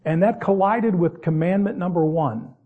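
A man preaching a sermon, reading King James verses and then explaining them in plain folksy asides, sometimes stretching words out slowly for emphasis. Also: sits high, narrow, tinny audio.

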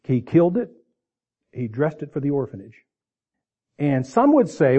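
A man's voice: medium pitch, big pitch swings, normal speed, pauses often, warm tone, husky, dull audio. A man preaching a sermon in a conversational way, with asides and restarts, ending in prayer. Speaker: pastor.

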